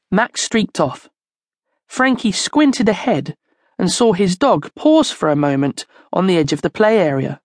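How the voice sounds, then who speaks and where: A woman narrating a children's storybook in a slow, expressive storytelling manner, close to the mic. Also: lowish voice, no room sound. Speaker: audiobook narrator.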